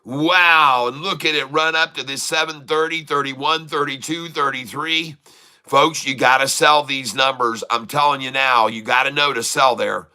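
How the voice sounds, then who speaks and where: A man giving excited live commentary on his own stock trades, hyping the moves like a showman and repeating prices over and over. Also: medium pitch. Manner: showman hype, drawn-out exclamations, repeats prices. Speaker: day trader streaming live.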